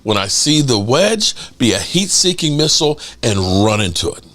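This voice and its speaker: A middle-aged man hosting a casual livestream podcast, telling a story in an animated way, acting out quotes and swearing casually. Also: mid-range voice, moderate pace. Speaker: podcast host.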